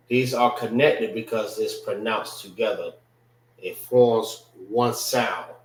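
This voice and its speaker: A man leads a language class at an unhurried pace, going over each word again and again. His voice has a mid pitch and echoes around the room he teaches in. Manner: slow, repeats words while spelling them out. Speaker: religious class instructor.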